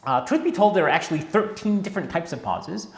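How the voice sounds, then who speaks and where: In an echoey room, a man teaches tango for an instructional video, keeping things chatty and wry and frequently checking in with viewers. His voice sits high, and he speaks fast and expressively.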